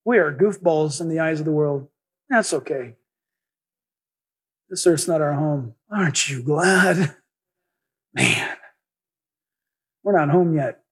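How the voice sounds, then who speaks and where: A man preaching a sermon as a pastor, animated and acting out the voices of the people he quotes. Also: fairly high pitch, takes it slowly, pauses often, husky.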